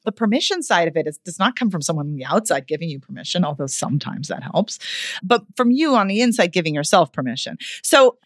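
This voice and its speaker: A woman vocal coach giving expressive feedback on voices in a podcast conversation. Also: fairly low pitch, quick pace, no echo, studio quality. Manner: expressive, demonstrates vocal points.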